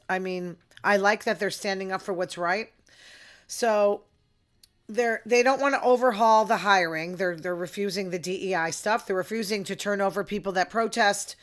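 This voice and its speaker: A middle-aged woman hosts her podcast alone. She rambles in a chatty, self-deprecating way. Her voice sits at an ordinary middle pitch. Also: a bit bright. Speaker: podcast host. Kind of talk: casual solo monologue.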